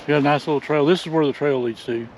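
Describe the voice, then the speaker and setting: A man's voice: a little high, very fast, a little mellow. An older man chatting in a folksy, chuckling way as he vlogs outdoors on a windy trail. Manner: folksy, chuckling, says "y'all". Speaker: vlogger. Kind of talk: casual outdoor vlog chat.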